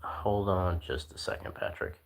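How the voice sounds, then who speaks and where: A man hosting a casual livestream, talking in a laid-back, soft-spoken way with lots of fillers. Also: low voice, normal speed. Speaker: livestream host.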